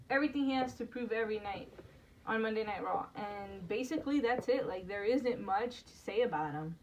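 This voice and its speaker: A woman co-hosting a casual wrestling review podcast, chatty and steering from topic to topic with lots of "like". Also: on the high side. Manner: chatty, leads the segments, frequent "like". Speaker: podcast co-host. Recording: distant mic with background noise.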